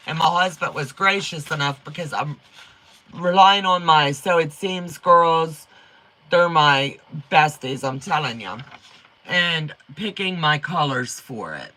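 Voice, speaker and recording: Reading comments aloud and talking fast, a middle-aged woman with a strong accent and a low-pitched voice runs a folksy quilting livestream. She stays upbeat and warm with her audience.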